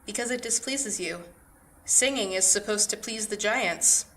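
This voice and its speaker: A woman's voice: mid-range voice, measured pace, bright, forceful tone, slight background noise, low-quality recording. A woman voicing a small, frightened male doll villager who talks timidly and stammers.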